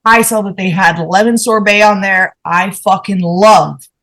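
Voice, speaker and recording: A woman on a podcast panel, telling a story in a casual, animated and profane way and acting out the dialogue. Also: medium pitch, a little slow.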